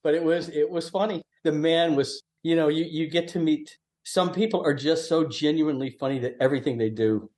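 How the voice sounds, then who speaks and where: Lively older man telling stories. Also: fairly high pitch, fairly quick, few pauses. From Southern US (Mississippi, born in Louisiana). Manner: laughs often, excitable, lively anecdotes. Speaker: guest, actor. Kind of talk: animated storytelling in a podcast interview.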